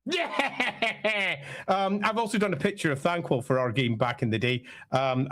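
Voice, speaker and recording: A man from the UK chatting casually on a live stream, rambling with friendly asides. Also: mid-range voice. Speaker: streamer reacting to a trailer.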